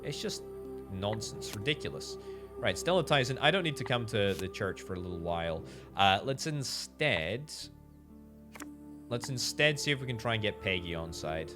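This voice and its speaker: A man giving chatty commentary while playing a management game, thinking out loud and repeating words for emphasis, with faint game music behind him. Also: on the low side, animated, normal speed. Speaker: game streamer. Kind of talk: gameplay commentary.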